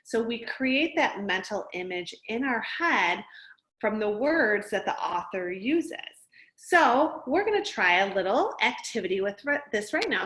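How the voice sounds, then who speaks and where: A middle-aged woman teaches a remote reading lesson, explaining patiently to young children at a medium pitch. She speaks into a laptop microphone from a home office, and the room adds a noticeable echo. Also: fairly bright tone. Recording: echoey room.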